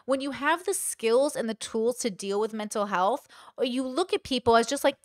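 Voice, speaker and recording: Woman host rambling through a personal story, fairly high voice, dry close sound, acts out the quotes. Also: moderate pace, no room sound. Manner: candid, animated storytelling with acted-out quotes. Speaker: commentary channel host. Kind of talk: casual commentary monologue.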